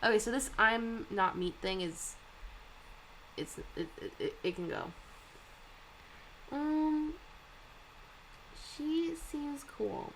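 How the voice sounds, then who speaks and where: A young woman talks casually with a lively, bouncing pitch, full of likes and ums. Faint background hiss sits under her voice. She sounds like a streamer chatting to her viewers. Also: takes it slowly, long pauses, low-quality recording. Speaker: streamer reading manga and reacting. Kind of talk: casual chat.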